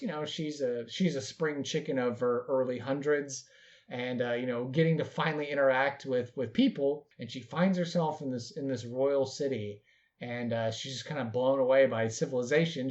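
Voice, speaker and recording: A man's voice: mid-range voice, a little mellow. Hesitant man narrating his game character. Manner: hesitant, many fillers. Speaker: tabletop role-play player. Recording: dull lo-fi recording.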